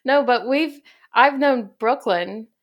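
Chatty, easygoing woman host for a casual podcast, quick to laugh. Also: fairly high pitch, highs cut off. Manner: chatty and upbeat, laughs easily.

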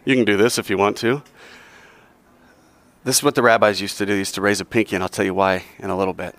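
A man's voice: on the low side, fast talker, dry recording. Man coaching a class through call-and-response. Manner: energetic, coaxing, drills the class line by line. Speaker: teacher.

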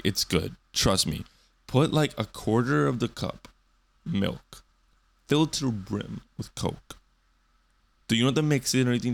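Rambling profane young man, low voice. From Canada. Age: 20s. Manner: profane, rambling, joking, with many fillers and restarts. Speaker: streamer and podcast host. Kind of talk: casual rambling monologue.

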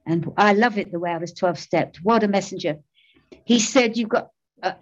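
A woman's voice: medium pitch, brisk, dull audio. Older woman, self-mocking, laughing. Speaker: recovery speaker. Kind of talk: personal testimony.

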